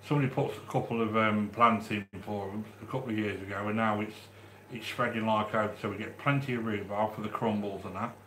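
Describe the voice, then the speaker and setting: A man from the English Midlands with a Midlands accent, hosting a live stream and chatting warmly with viewers as he reads their comments, with frequent restarts. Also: fairly low pitch, fairly even intonation, brisk, few pauses, reverberant, slight background noise. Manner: chatty and affectionate, with many restarts. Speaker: livestream host reading chat. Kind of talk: casual live-stream chat.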